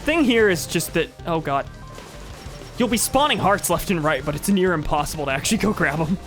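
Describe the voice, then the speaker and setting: Excitable game streamer, lively delivery, soft music underneath. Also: mid-range voice, a little fast. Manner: excitable, swears and laughs at the game. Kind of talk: live game commentary.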